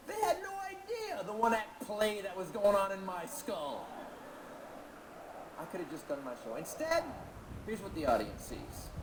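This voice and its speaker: A man doing a brash stand-up comedy routine on stage, animated and loud at times. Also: high voice. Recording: echoey venue with noise.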